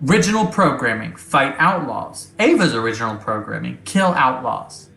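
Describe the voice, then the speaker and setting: A man's voice: medium pitch, sing-song, normal speed, creaky, bright, forceful tone, roomy sound, faint music behind, heavily acted. A man voicing a literal-minded female ship AI that talks in broken, telegraphic phrases. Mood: flat. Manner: broken, telegraphic machine speech.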